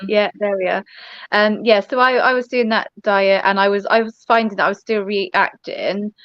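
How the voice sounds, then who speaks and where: A woman guest telling her story in a casual interview, halting with many ums and restarts. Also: mid-range voice, fairly even intonation, dry recording. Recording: dull lo-fi dry sound.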